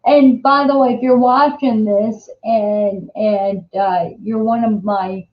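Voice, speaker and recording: Chatty older Jersey woman, slow. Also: fairly high pitch, steady tone. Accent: New Jersey. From New Jersey. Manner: rambling, chatty, many restarts and fillers. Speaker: host. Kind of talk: casual live-stream chat. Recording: echoey room, dull lo-fi sound.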